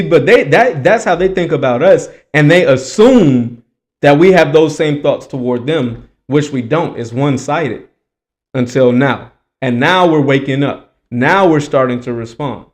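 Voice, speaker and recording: Emphatic man preaching in commentary. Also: fairly high pitch. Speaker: commentary host. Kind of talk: reaction commentary.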